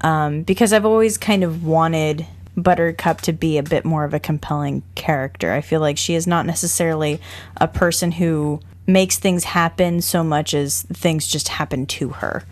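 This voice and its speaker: A woman co-hosting a casual podcast about a film, talking in an animated way with quick asides and frequent laughter. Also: deep voice. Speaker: podcast co-host.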